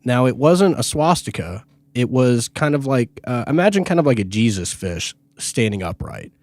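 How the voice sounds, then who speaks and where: A man co-hosting a podcast, telling a story with loose, self-deprecating energy and casual swearing. His voice sits at a middle pitch and is recorded dry, right up close to the mic. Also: big pitch swings, normal speed, a little mellow, dry recording. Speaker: podcast co-host.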